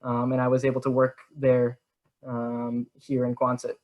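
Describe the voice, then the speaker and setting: A young man, a student ambassador, talking about his experiences in an upbeat, rambling way with many filler pauses. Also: medium pitch, completely flat delivery, dull audio. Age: young adult. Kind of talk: informal self-introduction.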